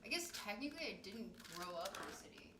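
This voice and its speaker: A woman's voice: medium pitch, big pitch swings, fast talker, pushed and bright, a little hiss or hum. A woman with an American accent chatting casually on a stream, curious and asking questions. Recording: echoey room, off-mic.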